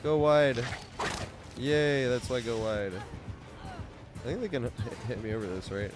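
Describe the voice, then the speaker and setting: A man giving gameplay commentary, sarcastic, breaking into yells and laughs. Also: mid-range voice, expressive, measured pace, over music. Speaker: gaming YouTuber.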